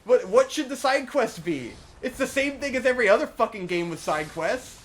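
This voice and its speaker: A young man co-hosting a let's play, giving casual gameplay commentary in a profane, ranting way that swings from mumbling to shouting. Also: very high-pitched, expressive, moderate pace, a little hiss or hum.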